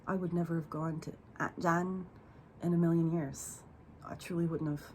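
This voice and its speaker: Low-voiced woman telling a raw, profane story. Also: steady tone, normal speed, darkish tone, a little hiss or hum. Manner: profane, raw and emotional, rambling with fillers. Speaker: vlogger telling a personal story. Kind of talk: candid storytime monologue.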